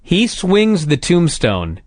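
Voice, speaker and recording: Exasperated, animated male podcast host. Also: a little high, slow, no echo. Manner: exasperated, profane ranting. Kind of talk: casual chat.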